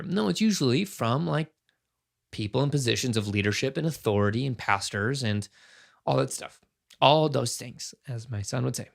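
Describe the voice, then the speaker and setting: A man in his thirties talks alone on his own podcast, his voice gravelly and full of fry. He speaks earnestly and with passion, circling back and restarting as he works through his thoughts. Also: mid-range voice, animated, normal speed. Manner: earnest and impassioned, thinking aloud with restarts. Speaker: podcast host. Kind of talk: casual solo podcast commentary.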